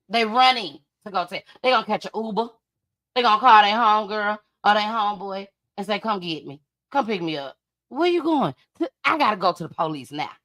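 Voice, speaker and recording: Bright-voiced emphatic woman podcast host. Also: on the high side. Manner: emphatic and repetitive, speaks in casual dialect. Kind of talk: casual chat.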